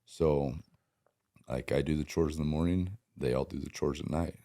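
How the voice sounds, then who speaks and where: A man's voice: a bass voice, normal speed, creaky, warm tone. A man speaking as a podcast guest in casual conversation, plainspoken, giving many short agreeing replies.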